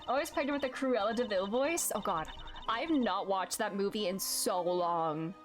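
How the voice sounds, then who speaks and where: A woman's voice: medium pitch, normal speed, faint music behind. A woman streaming a video game playthrough, reading the lines aloud and joking at her own attempts at accents. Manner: self-mocking, laughs at her own accents.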